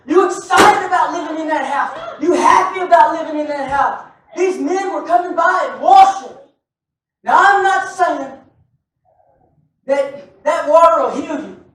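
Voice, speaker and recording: A male preacher delivering a lively sermon, joking with and calling out to his congregation. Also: extremely high pitch. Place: church sanctuary. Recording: very echoey church hall, mic far off.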